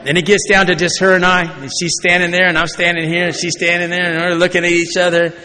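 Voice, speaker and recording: His voice sits high with little pitch movement, fast, bright and forceful. This recovery meeting speaker from Oregon, USA, shares his personal story at a convention by acting out conversations, often asking the crowd "right?" Long reverb and faint background noise come from the large convention hall.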